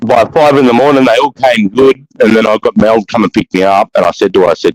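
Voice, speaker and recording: Fast-talking Australian man telling stories. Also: on the low side, no echo, low-quality recording. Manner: rapid, profane and animated, full of restarts. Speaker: podcast storyteller. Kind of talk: casual storytelling chat.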